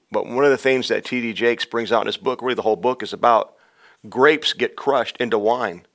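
Man, pastor, podcast sermon, loud urgent peaks, hushed storytelling, middle pitch. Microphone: podcast microphone.

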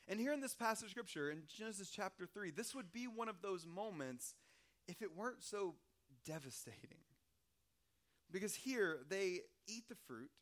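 High-voiced male pastor, conversational sermon. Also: expressive, moderate pace, fairly bright tone. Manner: conversational, humorous storytelling.

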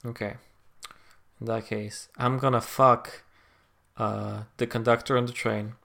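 A man's voice: mid-range voice, flat delivery, a little slow, creaky, bright, forceful tone. A man co-hosting a comedy podcast, rambling through absurd musings in casual chat. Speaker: podcast co-host.

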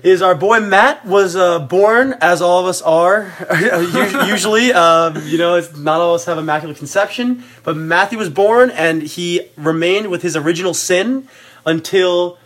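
A young man telling stories in a casual podcast chat, animated and rambling, with lots of fillers. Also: high-pitched, normal speed. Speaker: podcast co-host.

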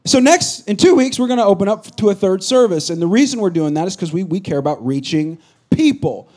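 High-voiced joking pastor preaching. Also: male voice, sing-song, brisk, warm tone. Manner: conversational, joking preacher with rising emphatic bursts. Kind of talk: sermon.

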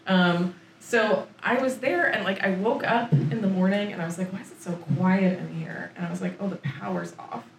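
A woman's voice: mid-range voice, normal speed, few pauses. A woman from Florida tells a story in casual chat, laughing often and acting out her own lines. She sits a little back from the mic. The room sounds echoey, with a faint hiss underneath. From Florida, USA. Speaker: author on book tour, guest. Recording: roomy echo, distant mic, faint noise.

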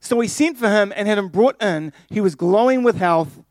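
High-voiced, playful young preacher. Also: male voice, expressive, normal speed, no room sound, studio quality. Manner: playful, jokey, addressing the congregation. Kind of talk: sermon.

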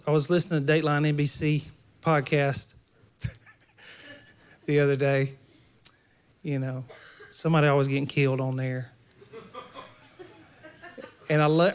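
Male pastor, fairly high voice, relaxed conversational sermon with jokes to the crowd. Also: clear, resonant tone.

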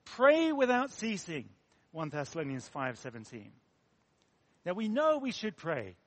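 A man's voice: high voice, wildly swooping pitch, unhurried. An English man preaching a sermon in an earnest, conversational way, with self-deprecating asides.

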